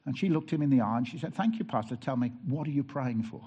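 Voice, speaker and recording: A man's voice: medium pitch, expressive, quick pace, mellow, breathy edge. A man, a pastor preaching a sermon and telling personal stories in an earnest way, with wry asides and frequent restarts.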